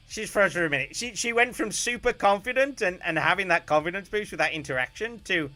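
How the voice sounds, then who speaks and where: A man chatting casually on a stream, telling a story with animated bursts of loud, laughing shouts. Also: sits high, fast, few pauses, soft background music.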